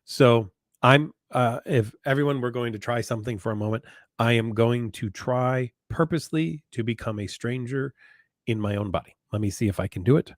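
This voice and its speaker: A man, a psychologist, giving earnest advice in a live online Q&A, repeating his points and slowing down to stress them. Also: mid-range voice, dry recording, clean studio sound. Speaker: psychologist answering viewer questions.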